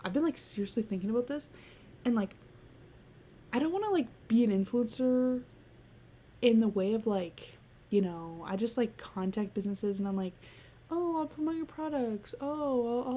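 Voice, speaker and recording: A woman's voice: medium pitch, normal speed, dark tone. Giggly teen girl rambling on a podcast. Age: late teens. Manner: rambling, heavy use of "like", giggly. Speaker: podcast host. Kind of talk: casual solo podcast chat.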